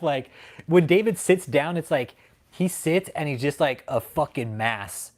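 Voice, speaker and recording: A man's voice: fairly high pitch, lively intonation, unhurried, a little mellow. A man hosting a livestream, ranting in a mocking, profane way, often breaking into laughter and rambling. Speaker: livestream host. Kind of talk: casual profane livestream rant.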